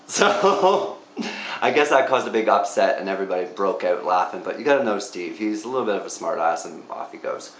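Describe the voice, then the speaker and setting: A man's voice: on the low side, lively intonation, normal speed, slight background noise. A man hosting a casual vlog, telling stories with wry jokes and laughing at his own punchlines. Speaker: vlog host. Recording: roomy echo.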